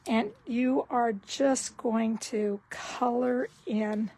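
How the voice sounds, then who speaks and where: A woman giving a casual card-making tutorial, talking slowly and thinking aloud as she works. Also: fairly high pitch, fairly even intonation, mellow, low-quality recording.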